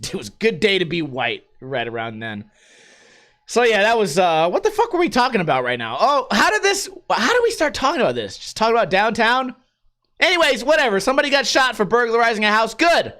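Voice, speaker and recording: Animated, bright-voiced man telling stories. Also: high voice, a little fast. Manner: profane, rambling, animated retelling. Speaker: podcast host. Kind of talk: casual storytelling monologue.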